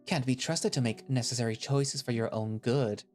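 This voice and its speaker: A man's voice: medium pitch, a little mellow, soft background music, natural voice. A man voicing a cold, scornful leader. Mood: contemptuous. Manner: slow, condescending, cutting.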